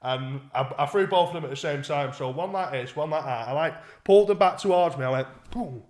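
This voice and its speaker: A young man with a fairly high voice tells a story in animated casual chat, swearing freely and stumbling over restarts. His voice bounces around a roomy, echoey space. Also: brisk. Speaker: podcast co-host. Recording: echoey room.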